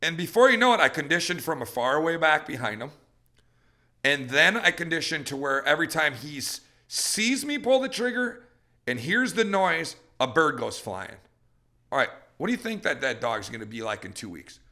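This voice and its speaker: A middle-aged man, a dog trainer hosting a podcast, ranting with fired-up energy and acting out dogs and people in quick voices. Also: a little high, animated, bright, forceful tone.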